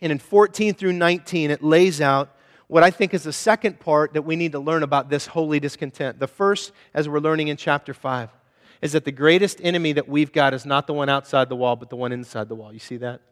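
A man preaching a sermon as a pastor, swinging between hushed asides and loud exhortation. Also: a little high, brisk, big-room sound.

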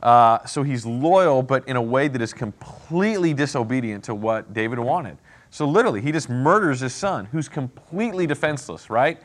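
A man's voice: mid-range voice, animated, moderate pace. A man leading a Bible study, explaining the passage in a casual, conversational way and often checking in with "okay?" and "right?". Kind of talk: casual teaching with commentary.

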